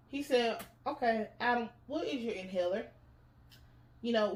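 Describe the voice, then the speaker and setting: A woman's voice: a little high, normal speed, echoey room. A woman, recapping a TV episode in a casual, profane style and acting out the characters in voices. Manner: animated storytelling, acts out characters in voices. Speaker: TV recap host.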